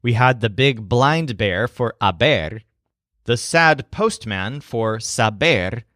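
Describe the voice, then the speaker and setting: A man narrating a language lesson in a clear, explanatory way. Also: mid-range voice, lively intonation, slow pace, fairly bright tone, no room sound, studio quality. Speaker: language teacher.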